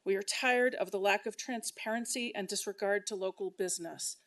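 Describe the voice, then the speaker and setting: A woman's voice: medium pitch, moderate pace, a bit bright. A middle-aged woman who owns a local business, making an impassioned, indignant public comment at a council meeting. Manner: impassioned, indignant, speaking in bursts.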